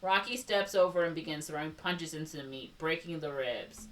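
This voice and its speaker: On a casual movie recap podcast, a co-host with a Chicago accent reads out a plot summary, breaking off now and then to make sarcastic remarks. She speaks at a normal speed in a low-pitched voice, captured roughly on a distant mic.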